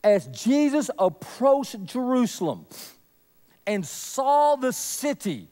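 Man, very high voice, earnest sermon, loud then hushed. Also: sing-song, slow pace. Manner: earnest, swings from loud emphasis to near whisper. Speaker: pastor.

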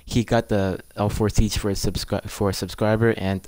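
A man with a lowish voice gives casual game commentary for his channel. He is eager and pleading and keeps turning to his viewers as "guys". The sound is dry and close, with no room around it. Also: little pitch movement, normal speed, a little mellow, no room sound. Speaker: gaming channel host.

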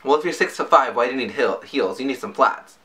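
A man reviewing song lyrics in a casual, jokey way, breaking into high yelps. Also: quick pace, bright, forceful tone. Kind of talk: casual comedic commentary.

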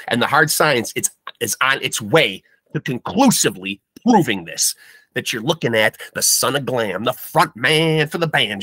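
A man's voice: medium pitch, sharp tone, husky, no echo. A man hosting a comedic podcast with hammy, bombastic showman patter. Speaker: podcast host.

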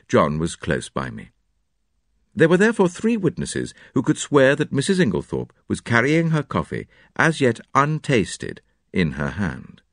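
A man narrating a classic detective novel in an expressive, dramatic storytelling manner. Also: fairly low pitch, no echo, studio quality. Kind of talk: audiobook narration.

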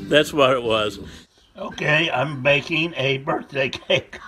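A man's voice: medium pitch, takes it slowly, music in the background, rough recording. A man in his seventies hosting a casual video diary, exuberant and given to whooping and hollering. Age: 70s. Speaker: vlog host.

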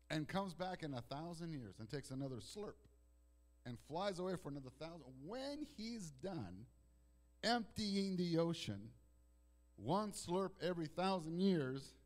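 A male pastor delivering a sermon in a church, swinging between loud declarations and hushed, slow passages, often repeating words as he restarts phrases. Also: mid-range voice. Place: church sanctuary.

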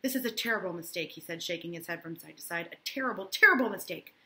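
A woman's voice: fairly low pitch, lively intonation, fast, sharp tone, slight background noise. A woman teacher reading a novel aloud to her class and breaking off for casual asides, often checking in with "right?".

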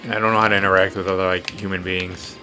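A man's voice: low-pitched, flat delivery, quick pace, sharp tone, faint music behind. A man hosting a podcast, talking casually while he plays a fighting game, rambling and swearing with self-deprecating humor. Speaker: podcast host and tattoo artist.

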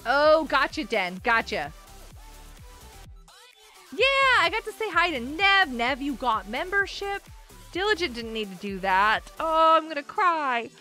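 A woman's voice: sits high, sing-song, a little slow, long pauses, bright, forceful tone, soft background music. A woman live streaming and chatting with her viewers in a bubbly, giggly way while nursing a headache. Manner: bubbly, giggly, talks to chat. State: has a headache.

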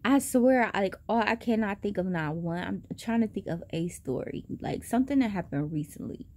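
A young woman telling a story in a casual vlog, animated and profane, with big jumps in pitch. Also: moderate pace. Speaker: vlogger.

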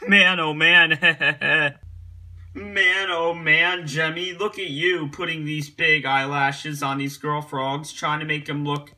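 A man's voice: on the high side, little pitch movement, takes it slowly, pushed and bright. A man doing comedic reaction commentary on pictures, giggling a lot, repeating silly chants and mock-scolding the picture maker. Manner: giggly and repetitive, laughing at each picture in singsong chants.

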